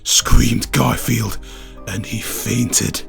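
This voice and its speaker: A man's voice: mid-range voice, steady tone, very slow, gravelly, soft background music. A man reading a children's scary story aloud in a dramatic way, building tension. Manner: dramatic, builds tension, rising to near-shouting at scary moments.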